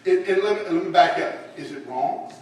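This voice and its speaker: A man's voice: high-pitched, animated, brisk, a little mellow. A man teaching a church Bible lesson in a folksy way, putting questions to his class. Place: church room. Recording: echoey room, voice from far off, faint hiss.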